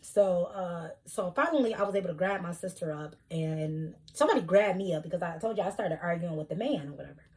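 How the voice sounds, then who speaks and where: Animated woman. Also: on the low side, quick pace, hardly any pauses. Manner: animated, heated retelling with loud bursts. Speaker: vlogger. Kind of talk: storytime vlog.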